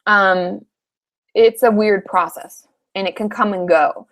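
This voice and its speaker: A woman's voice: medium pitch, takes it slowly. A woman in her thirties, a therapist from Washington state, answering viewer questions in a frank, chatty live Q&A, swearing casually now and then.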